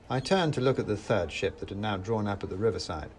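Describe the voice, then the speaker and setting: A man narrating a storybook with wry, expressive storytelling. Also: fairly low pitch, fast talker, hardly any pauses, slight background noise.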